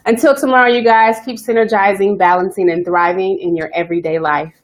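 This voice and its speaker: A woman hosting a self-care live stream, talking fast and chatty, greeting viewers by name as she coaches. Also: medium pitch, steady tone. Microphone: webcam or phone live stream.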